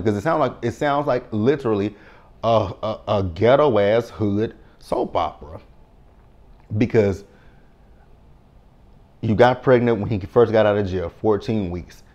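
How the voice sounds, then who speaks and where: A man hosting a casual recap, chatty and quick to laugh, swearing freely. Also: fairly low pitch, lively intonation, darkish tone, lo-fi sound. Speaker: recap host.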